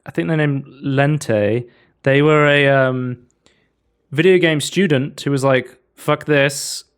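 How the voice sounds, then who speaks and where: A man's voice: mid-range voice, takes it slowly, smooth. A man co-hosting a casual podcast, chatting loosely about game demos with lots of fillers. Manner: rambling, lots of fillers and likes. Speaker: podcast co-host.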